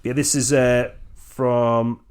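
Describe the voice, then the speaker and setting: A man's voice: medium pitch, little pitch movement, takes it slowly, a little hiss or hum. A young adult man co-hosting a film podcast, blunt and casual, swearing offhandedly as he leads the wrap-up. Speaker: podcast co-host.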